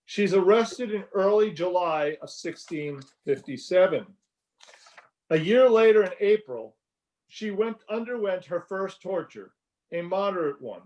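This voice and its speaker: Man, high-pitched voice, conversational class leader calling on readers. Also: a little mellow. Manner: conversational, calls on readers by name. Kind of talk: teaching a class.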